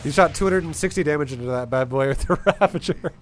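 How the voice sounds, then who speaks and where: A man's voice: on the high side, fast talker, slight background noise. A young man coaching a game player over a replay, casual, swearing freely and acting out little scenes. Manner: swears freely, laughs, acts out examples. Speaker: StarCraft coach.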